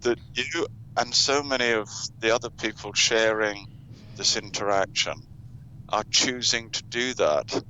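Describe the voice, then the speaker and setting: Bright-voiced man guiding a meditation. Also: fairly low pitch, measured pace. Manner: gentle, coaxing, asks questions. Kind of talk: guided meditation talk. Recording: dull, lo-fi sound with faint noise.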